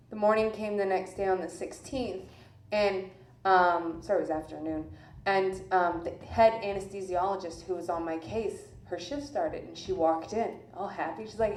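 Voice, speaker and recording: A woman's voice: medium pitch, a little mellow, a little hiss or hum. A female comedian telling a story on stage in a blunt, profane, self-mocking way. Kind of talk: stand-up storytelling. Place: live comedy venue. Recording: echoey room with faint ambience.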